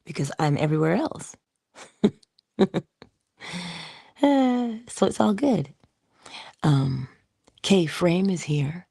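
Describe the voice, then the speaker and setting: A woman with a low, gravelly, husky voice talks through a casual motivational livestream. She is playful, slips into breathy whispered asides and bursts into animated quoted voices. The sound is close and dry. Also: slow pace, long pauses, no room sound. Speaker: livestream host.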